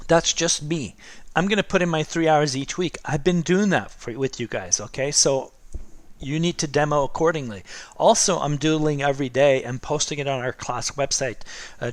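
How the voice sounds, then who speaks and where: A middle-aged man with a slightly high voice teaches art while demonstrating a drawing. He's chatty and encouraging, constantly checking in with "okay?" and "right?"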